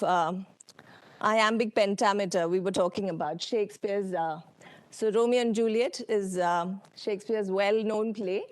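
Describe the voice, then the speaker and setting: A woman with an Indian English accent presenting a lecture with slides, unhurried, with many ums and uhs and questions to the audience. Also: medium pitch, darkish tone, no room sound. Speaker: workshop speaker. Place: conference hall.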